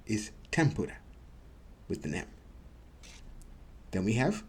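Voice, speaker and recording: A man giving a casual video lesson, patiently repeating each word slowly for practice. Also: medium pitch, huge pitch swings, darkish tone, slightly rough. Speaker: Japanese teacher.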